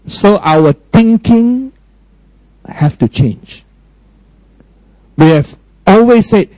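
A man preaching a sermon emphatically, often questioning his listeners and swinging between high, raised lines and low, quiet ones. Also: animated, drawn-out words, pauses often, dry recording, poor audio. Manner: frequent direct questions to the congregation.

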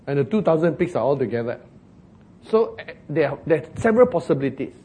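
A man preaching a sermon, telling a story with jokes, acted shouts and laughter. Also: a little high, sing-song, quick pace, breathy edge.

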